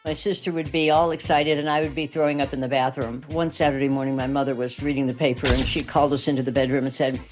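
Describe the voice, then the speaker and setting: An older woman from Texas, an actress telling lively anecdotes in an interview and acting out the people she quotes. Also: deep voice. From Texas, USA. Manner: animated anecdotes with quoted voices. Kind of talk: interview storytelling.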